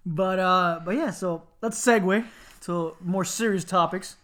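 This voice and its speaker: A man co-hosting a casual podcast, an animated storyteller who jokes around and slips into loud laughing impressions. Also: sits high, unhurried. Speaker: podcast co-host.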